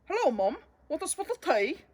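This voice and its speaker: A woman voicing an eager, excitable little boy, the youngest brother in a storybook. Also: brisk, full character voice. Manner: eager, high-spirited.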